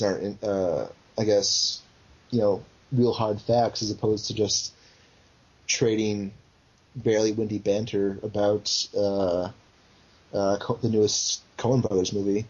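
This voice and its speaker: A man co-hosting a casual podcast chat, deep and smooth, halting with many fillers. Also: level tone, darkish tone, highs cut off. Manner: halting, lots of fillers and restarts. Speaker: podcast co-host.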